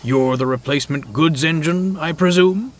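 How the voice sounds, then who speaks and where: A man's voice: fairly high pitch, moderate pace, pitched above the performer's own voice, natural voice. A man voicing a genial, proper male railway boss who speaks with kindly authority.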